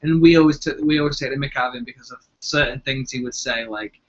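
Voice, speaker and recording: A man's voice: mid-range voice, quick pace. A young man with a Liverpool accent, co-hosting a casual live chat, jokey and rambling. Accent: Liverpool English. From England. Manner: chatty, jokey, trails off mid-sentence. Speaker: co-host. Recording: dull lo-fi webcam audio.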